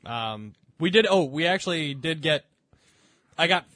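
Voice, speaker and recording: A young man talks over a dry, close mic, his voice sitting a little high for a man. He tells his stories with plenty of swearing and animation, like a casual podcast co-host. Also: a little slow, no echo. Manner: animated storytelling, swears a lot. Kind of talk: casual chat.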